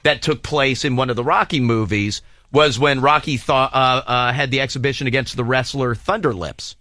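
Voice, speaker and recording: A man hosting a morning radio show, bantering excitedly and joking with his co-hosts. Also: mid-range voice, normal speed, no room sound, studio quality. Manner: animated, excitable, jokey. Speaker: radio host. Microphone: studio microphone.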